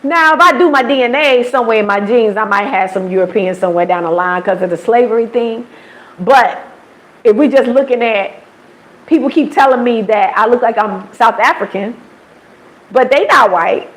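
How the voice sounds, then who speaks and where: A woman with an American accent chats through a live stream in a slightly high voice. She tells stories in a lively way, mimics the people she quotes, and breaks into laughter often. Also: moderate pace, rough recording. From United States. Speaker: livestream host. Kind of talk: casual livestream storytelling.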